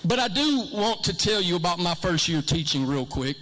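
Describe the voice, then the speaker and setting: A man's voice: sits high, very animated, normal speed, fairly bright tone. A man around fifty giving a motivational speech to a live audience, repetitive and folksy, with joking asides. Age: late 40s or 50s. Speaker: school district speaker. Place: large hall with audience. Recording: long hall reverb.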